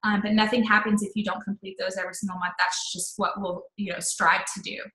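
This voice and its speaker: A network marketing leader, upbeat and chatty, walks her team through how she messages new recruits in a casual live-stream training talk. Her bright, forward, mid-range voice talks fast with little pitch movement, and she says "um" and "like" often. Noticeable echo rings around the room.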